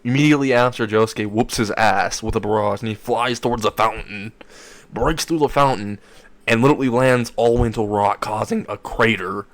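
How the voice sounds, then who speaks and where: A man narrating a comedic fan story in a rambling, excitable way, correcting himself as he goes. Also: lowish voice, brisk, dry recording.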